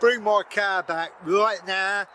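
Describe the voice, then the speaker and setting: Man doing a loud gruff bossy giant. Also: high-pitched, fairly even intonation, slow, slight background noise, pitched above the performer's own voice, full character voice. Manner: shouting, coarse and threatening.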